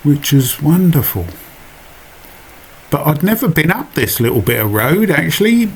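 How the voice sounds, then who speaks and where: A man's voice: on the high side, very animated, unhurried, a little hiss or hum. A man with a Suffolk accent narrating his own cycling video in a chatty, self-mocking voiceover full of asides. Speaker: vlogger.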